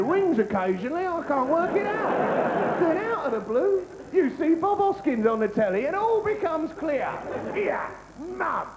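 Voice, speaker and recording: A man's voice: very high-pitched, very noisy. A man doing a live stand-up routine, ranting with sarcastic mock disbelief. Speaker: stand-up comedian. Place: theatre stage. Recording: loud live-show ambience.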